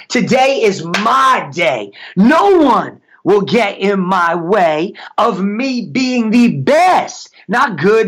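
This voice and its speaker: A man who is a motivational coach, speaking on a podcast about faith and declarations. He is emphatic and slows down to say affirmations, with some stumbles and restarts. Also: high voice, gravelly, fairly bright tone.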